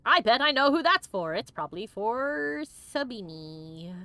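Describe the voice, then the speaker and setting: A woman's voice: fairly high pitch, very animated, measured pace, sharp tone, smooth. A woman streamer giving casual gameplay commentary, bubbly and joking, laughing often and acting out the characters' lines. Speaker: let's play streamer.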